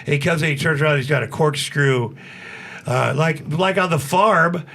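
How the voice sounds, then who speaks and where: A man's voice: a little high, moderate pace, vocal fry, fairly bright tone, slight background noise. A man in his sixties, a podcast guest, telling long rambling stories with restarts and acted-out quotes. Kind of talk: casual storytelling.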